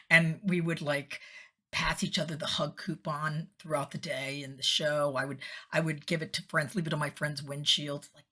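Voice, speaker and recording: A woman's voice: low voice, fairly even intonation, a little slow, bright, forceful tone, husky. A middle-aged woman, a former TV host, chatting casually in a personal vlog, laughing often and slipping into whispery voices when quoting.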